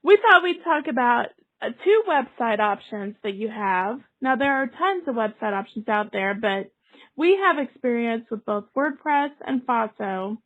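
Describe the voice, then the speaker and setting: A woman with a high voice co-hosts a casual podcast, chatty and quick to giggle. She talks through her points loosely, trailing off and laughing along the way. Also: expressive, fairly bright tone, muffled recording. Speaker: podcast co-host. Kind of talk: casual chat.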